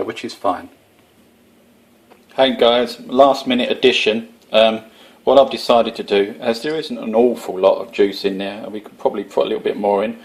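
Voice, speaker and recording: Essex man, homebrew vlogger, rambling chatty delivery, mid-pitched, casual to-camera talk. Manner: chatty, rambling, self-deprecating.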